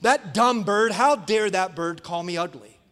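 A man's voice: sits high, animated, moderate pace, a bit bright. A man playing an indignant, insulted woman. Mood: angry. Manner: indignant, complaining.

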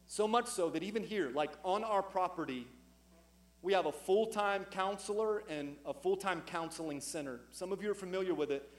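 In a church sanctuary, a middle-aged pastor preaches emphatically at a moderate pace, his voice high for a man and growing louder on each key point.

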